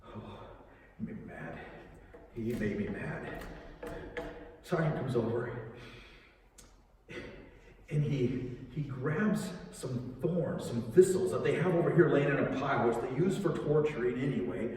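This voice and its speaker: A man acting a troubled Roman soldier who builds crosses, telling his story in a rambling, halting way in a church monologue. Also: medium pitch, darkish tone, slight background noise, natural voice. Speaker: actor in a church Easter monologue. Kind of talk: dramatic monologue. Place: church sanctuary. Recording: echoey church hall, mic far off.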